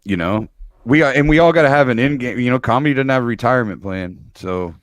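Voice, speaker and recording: A man's voice: mid-range voice, fast talker. A man hosting a podcast, chatting casually with a guest in an easygoing, rambling way. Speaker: podcast host. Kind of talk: casual chat.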